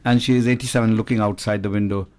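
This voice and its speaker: A man's voice: lowish voice, fairly even intonation, fast, darkish tone, clear, resonant tone. A man in his sixties, a guest musician, chatting expansively on a radio talk show and telling digressive stories. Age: 60s. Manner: expansive, digressive storyteller who demonstrates with his voice. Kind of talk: conversational radio chat.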